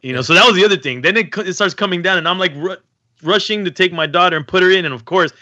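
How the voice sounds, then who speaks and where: Guy on a podcast, high bright voice, super animated, does squeaky impressions, dry close mic. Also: rapid-fire, no room sound, lo-fi sound. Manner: animated storyteller, acts out voices in high falsetto; swears casually. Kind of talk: casual chat.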